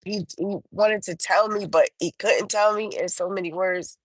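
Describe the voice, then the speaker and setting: A woman's voice: fairly even intonation, no echo, poor audio. A woman hosting a livestream, telling a personal testimony in casual talk. She halts often, restarts her sentences, and lifts her voice when she quotes herself. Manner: halting, with many restarts and fillers; acts out her own quoted words with a higher voice. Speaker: livestream host.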